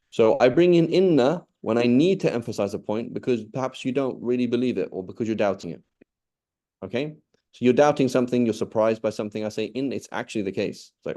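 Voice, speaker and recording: A man's voice: medium pitch, fast, warm tone. A man teaching an online Arabic grammar lesson, explaining patiently with everyday examples and often checking in with "okay?".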